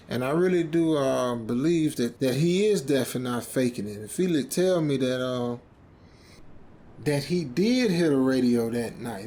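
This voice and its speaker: A man's voice: a little high, darkish tone. A man narrating a horror story as a rambling, stammering speaker who keeps ending phrases with "man".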